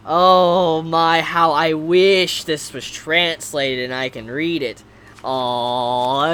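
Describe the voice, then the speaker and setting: A man vlogging casually as he unboxes gifts, excitable, stammering and repeating himself, at times shouting. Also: a little high, a little slow, smooth. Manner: excitable, swings to shouting and squealing. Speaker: anime vlogger.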